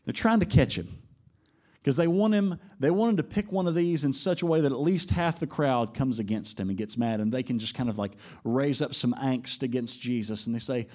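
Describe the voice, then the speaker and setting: Preaching to his congregation, a pastor with a medium-pitched voice stays animated, building to emphatic peaks and slowing down whenever he quotes lines.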